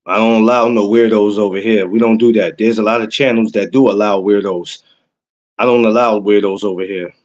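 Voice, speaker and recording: A young adult man, hosting a casual livestream podcast and talking to viewers in chat. He is excitable and repeats himself a lot. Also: fairly low pitch, a little fast, muffled recording. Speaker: podcast host.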